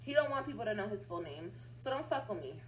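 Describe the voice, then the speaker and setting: A woman's voice: mid-range voice, sing-song, fast, slight background noise, rough recording. A woman hosting a casual livestream, venting bluntly and swearing heavily as she talks straight to her viewers. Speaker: livestream host.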